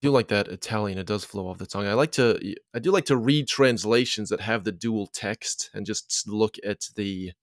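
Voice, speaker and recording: A man's voice: fairly low pitch, brisk, few pauses, dry recording. Curious male podcast host, dry sound. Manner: curious, listens and asks short questions. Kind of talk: casual interview chat.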